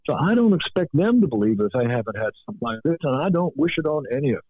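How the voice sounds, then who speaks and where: A man's voice: medium pitch, big pitch swings, rapid-fire, no echo, narrow, tinny audio. A man voicing a plain-spoken older man with a Southern US accent, earnest and direct.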